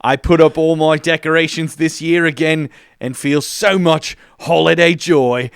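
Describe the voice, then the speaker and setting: A man's voice: on the high side, steady tone, unhurried, clear, resonant tone, no echo, clean studio sound. A man reading a listener's message as a cheerful woman from New Zealand, in an attempted New Zealand accent that keeps drifting. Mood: cheery.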